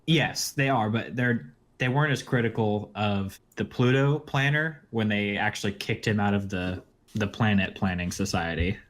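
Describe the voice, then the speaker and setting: Man, somewhat low voice, podcast co-host, dry deadpan replies, casual comedic chat. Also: normal speed. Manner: dry, plays along with short replies.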